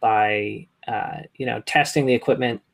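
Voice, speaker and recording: A man's voice: lowish voice, normal speed, vocal fry. A young man as a podcast guest in casual chat, rambling with many "like"s and "right?"s.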